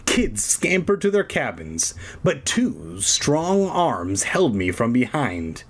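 Husky guy reading a spooky kids book, slow, sarcastic and swearing a lot. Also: medium pitch, sing-song. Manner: sarcastic, profane, digressive. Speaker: reader of a children's horror book. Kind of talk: comedic read-aloud with ranting asides.

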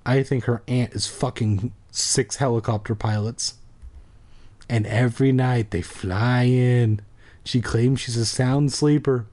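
A man's voice: mid-range voice, unhurried. A man hosting a comedy podcast, reading a kids' horror book aloud with crude, joking asides. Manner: animated, swings from mock-spooky narration to crude jokes.

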